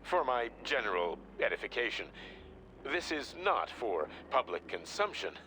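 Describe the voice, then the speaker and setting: A man's voice: medium pitch, sing-song, a little slow, noisy background. An actor playing a curious, guarded man in video game dialogue, asking a scientist careful theoretical questions. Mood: probing. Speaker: game character speaking to a scientist.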